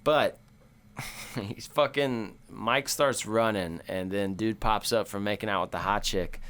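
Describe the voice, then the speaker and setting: Male podcast co-host, low voice, loose chatty delivery that breaks into animated impressions and laughter. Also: unhurried. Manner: laughs often, animated mimicking of movie lines. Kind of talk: casual chat.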